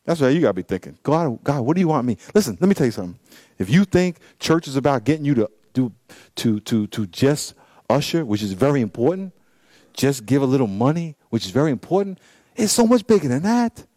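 A man preaching a sermon in church as pastor, swinging between loud exhortation and low asides and repeating phrases for emphasis. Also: very animated, a little fast, no echo.

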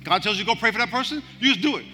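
High, bright-voiced pastor preaching in a hall. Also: male voice, lively intonation, racing. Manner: swings from hushed urging to loud rousing calls. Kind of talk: sermon with altar call. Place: large church hall. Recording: music behind, long hall reverb.

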